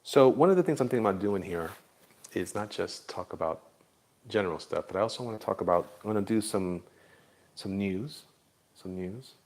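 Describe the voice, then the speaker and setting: Gravelly low male streamer, relaxed and jokey, talking to chat while drawing. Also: moderate pace. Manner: laid-back, jokey, chatty with viewers. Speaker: livestream artist. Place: Florida.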